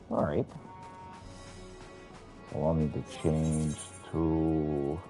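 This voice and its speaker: A man's voice: a bass voice, monotone, very slow, long pauses, muffled recording, soft background music. A man streaming a game playthrough, reading its dialogue aloud and chatting with viewers between lines. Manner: reads game text aloud, with asides to chat.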